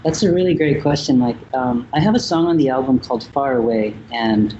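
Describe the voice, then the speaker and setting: Reflective, mellow-voiced man with many pauses. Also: mid-range voice, lo-fi sound, a little hiss or hum. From Vietnam. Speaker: musician guest. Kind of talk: casual interview talk.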